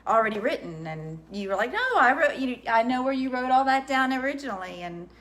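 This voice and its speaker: A woman, the host's wife, reading a note aloud in a steady, plain voice and then chatting casually. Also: a little high, a little fast.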